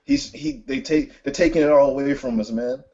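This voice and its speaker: Man playing a tearful racing team boss, stammering, pleading, higher-pitched, muffled lo-fi sound. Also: huge pitch swings, a little fast, gravelly, a little mellow, breathy edge, heavily acted. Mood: distraught.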